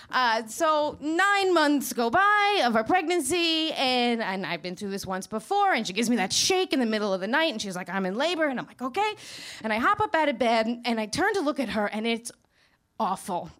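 A middle-aged woman with a Queens New York accent, telling a true story to an audience. She is frank and profane, stumbling over restarts as she gets animated. Her voice sits high. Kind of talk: live storytelling monologue.

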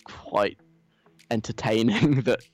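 A man's voice: lowish voice, slow, faint music behind. A man hosting a radio show, in a chatty, wry and mocking monologue. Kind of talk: casual comic radio monologue.

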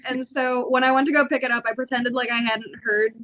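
A young woman chats on a casual podcast, telling an animated story. Her voice sits slightly high. The sound is dull and lo-fi. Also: fairly quick. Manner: animated storytelling, acts out quotes, laughs often. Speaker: podcast co-host.

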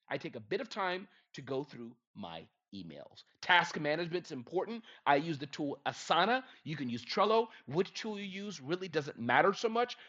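An energetic middle-aged man delivers a motivational business talk, leaning hard on key words. His slightly high voice swings widely in pitch. The recording sounds dull and lo-fi. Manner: energetic, emphatic, lively delivery. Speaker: business speaker giving advice.

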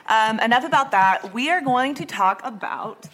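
A woman hosts a true crime podcast in relaxed, conversational chat. She rambles a little and stops to correct her own slips, keeping things loose and friendly. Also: on the high side, moderate pace. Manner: chatty, rambling, self-correcting. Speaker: podcast host.

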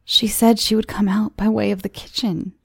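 A woman's voice: mid-range voice, little pitch movement, normal speed, vocal fry, slightly rough, dry recording. A woman voicing a frightened young man in a read-aloud story, speaking urgently. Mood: defensive. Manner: urgent, anxious.

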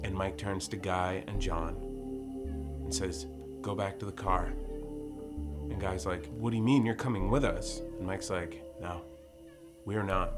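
Low-voiced man telling a spooky story. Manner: animated storyteller, acts out friends' lines loudly. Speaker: podcast host. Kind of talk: storytelling, recounting a spooky experience.

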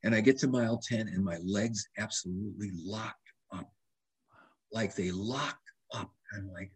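A man in his seventies, a doctor being interviewed, telling animated stories in casual conversation. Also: lowish voice, measured pace, breathy edge. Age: 70s. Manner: animated storyteller, restarts and quotes himself. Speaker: guest doctor.

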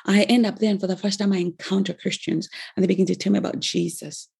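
Gravelly Ugandan woman telling her testimony. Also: medium pitch, fairly even intonation, fast talker, warm tone. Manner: earnest storytelling, acts out quoted dialogue. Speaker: speaker giving a personal testimony. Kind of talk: personal testimony.

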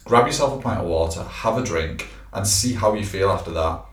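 Low-voiced fast-talking man. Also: lively intonation. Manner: chatty, filler-heavy, explains tips to listeners. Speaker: personal trainer and podcast co-host. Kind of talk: casual podcast chat. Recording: echoey room, a bit far from the mic.

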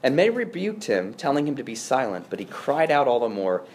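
A man preaching a sermon as pastor, earnest, swinging between quiet hushed passages and raised, emphatic lines. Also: medium pitch, big pitch swings, brisk. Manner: earnest preaching, dropping to a hush and rising with emphasis.

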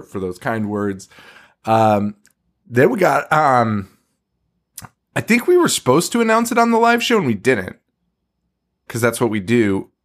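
A relaxed man chatting as a podcast co-host, mid-pitched and easygoing. He swears freely and breaks into laughter often as he talks. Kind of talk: casual chat.

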